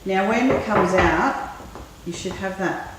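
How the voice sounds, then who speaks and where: A woman hosting a cooking show, chatting in a relaxed way and thinking aloud as she works. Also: medium pitch, slow. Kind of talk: casual cooking demonstration. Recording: very echoey room, mic far off, faint noise.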